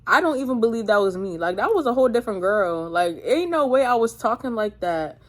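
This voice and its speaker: A teenage vlogger with a fairly high, expressive voice talks briskly through a personal storytime testimony. She rambles in casual slang, uses lots of fillers, and addresses her viewers directly.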